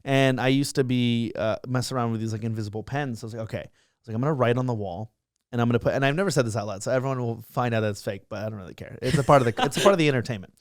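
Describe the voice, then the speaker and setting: A young man rattles through his stories at a rapid clip, piling up fillers and restarts. His voice sits at an ordinary pitch. The sound is dry and close. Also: dry recording. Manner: fast, excitable, full of fillers and restarts. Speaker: guest, social media creator. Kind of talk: casual interview storytelling.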